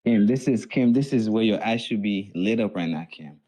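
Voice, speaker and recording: A man's voice: on the low side, moderate pace, warm tone, poor audio. A man with a Boston accent, coaching and chatting animatedly on a live trading stream.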